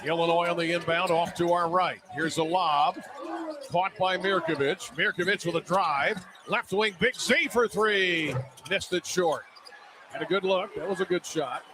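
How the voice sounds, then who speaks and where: A man announcing a basketball game play-by-play, quick and rising to excitement on big plays. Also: high-pitched, noisy background. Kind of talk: radio-style basketball play-by-play. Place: arena broadcast position.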